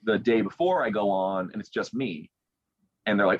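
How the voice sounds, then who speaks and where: A young man, a sports broadcaster, excitedly retelling a story as an interview guest over a video call, acting out quotes as he goes. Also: lowish voice, dry recording, lo-fi sound. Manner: animated, excited retelling with quick acted quotes.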